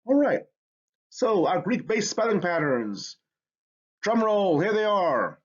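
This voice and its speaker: A man's voice: high voice, very animated, takes it slowly, breathy edge, lo-fi sound. A man teaching a spelling lesson, explaining with enthusiasm. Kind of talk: educational lesson.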